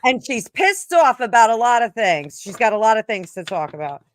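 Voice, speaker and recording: A woman putting on a brash, irritated persona with a New Jersey accent, loud and blunt. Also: on the high side, big pitch swings, normal speed, no echo.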